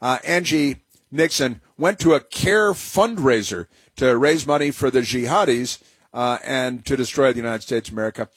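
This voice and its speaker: A man's voice: mid-range voice, normal speed, breathy edge, dry recording. A male talk radio host speaking in a rambling, sarcastic monologue full of fillers and restarts.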